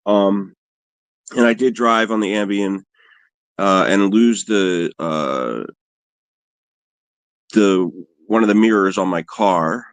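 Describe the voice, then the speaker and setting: Low-voiced man rambling on a livestream. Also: takes it slowly, pauses often, dry recording. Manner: rambling, profane, self-deprecating storytelling. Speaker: livestream host. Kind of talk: casual livestream chat answering viewers.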